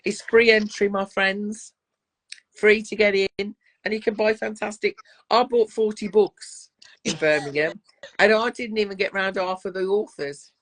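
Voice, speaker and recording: A woman with a soft Black Country accent hosts a relaxed interview, talking in a friendly, chatty way. Her voice sits at an ordinary middle pitch. She is heard over a video call. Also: measured pace. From West Midlands, England. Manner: warm, chatty, calls the guest darling. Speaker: podcast host. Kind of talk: casual interview chat.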